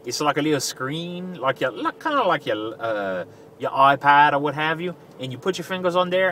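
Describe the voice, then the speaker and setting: A middle-aged man from southern Louisiana, a radio fill-in DJ, rambles in a self-mocking way in a casual vlog while driving. His voice is on the high side, pushed and bright, recorded inside a car with a somewhat distant mic and faint road noise.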